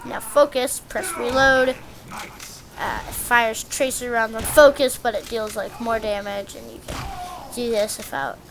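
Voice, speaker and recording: A woman's voice: fairly high pitch, unhurried. Rambling woman narrating gameplay, noisy. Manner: rambling, self-deprecating, easily excited. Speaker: game guide presenter. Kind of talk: casual gameplay commentary.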